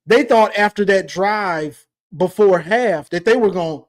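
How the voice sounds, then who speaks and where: Slow, teasing male sports show host. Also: high-pitched. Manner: teasing, laughing, animated. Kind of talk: casual sports talk rant.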